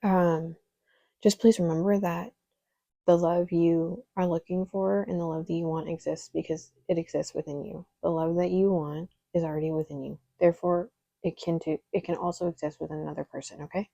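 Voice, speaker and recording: A woman's voice: on the low side, steady tone, normal speed, creaky, mellow, no room sound, muffled recording. A young woman doing a casual, chatty tarot reading, candid and a little exasperated, with frequent ums and laughs. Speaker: tarot reader.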